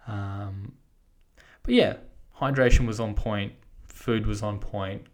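A man's voice: lowish voice, slow. An Australian man giving a casual, rambling podcast recap, swearing freely as he talks. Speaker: podcast host.

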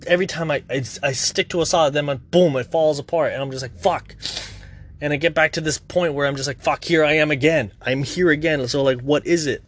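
A man's voice: medium pitch, a bit bright, no echo. A young man talking through his worries in a candid, rambling vlog, swearing often. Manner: rambling, restless, swears a lot. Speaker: content creator. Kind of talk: candid personal vlog monologue.

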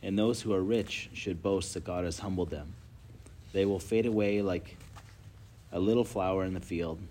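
A man's voice: low voice, normal speed, warm tone, slight background noise. A man leading a casual group Bible study, telling stories with lots of filler words and reading Scripture aloud.

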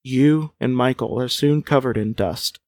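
A man's voice: mid-range voice, measured pace, a little mellow, no room sound. A man reading a gamebook aloud as a podcast co-host, with wry asides and chuckles. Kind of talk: casual chat and read-aloud narration.

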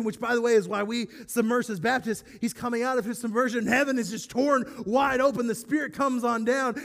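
A male pastor delivering a sermon with eager, conversational energy. His voice sits high for a man. He slips in self-deprecating jokes between his points.

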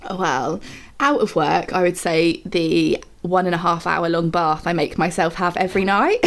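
A woman's voice: on the low side, fairly even intonation, normal speed. A young woman, a vet nurse, chatting in an interview, bubbly and laughing often. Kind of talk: casual interview chat.

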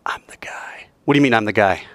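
Man playing a calm, knowing teacher, soft and low, half-whispered lines. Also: rapid-fire, close to an everyday voice. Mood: hushed. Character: calm, knowing male teacher speaking softly.

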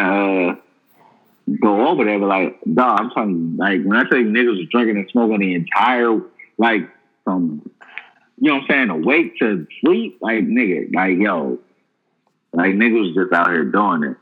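A man's voice: on the low side, animated, moderate pace, phone-quality sound. A man co-hosting a casual chat, rambling with many fillers and profanity.

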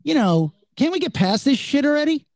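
A man's voice: extremely high pitch, sing-song, brisk, darkish tone, no room sound. A man in casual podcast chat, opinionated and rambling, swearing casually.

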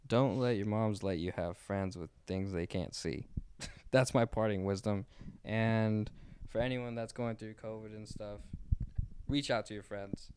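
A man's voice: fairly low pitch, measured pace, darkish tone, clear, resonant tone. A young man joking around as a guest on a casual podcast, crude and loose.

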